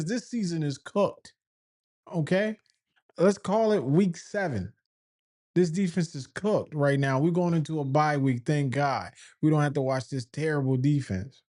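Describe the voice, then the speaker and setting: A man's voice: a little high, a little slow, a little mellow. A man commentating as a football fan, ranting in exasperation, firing off rhetorical questions and repeating himself. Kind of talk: sports opinion rant.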